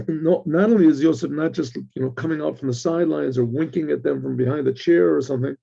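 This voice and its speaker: Male Torah teacher with a slightly high, gravelly voice and an animated storytelling manner. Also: fast talker. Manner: clears throat often, animated storytelling with restarts. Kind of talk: informal Torah lesson, retelling with quotes. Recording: dull lo-fi recording.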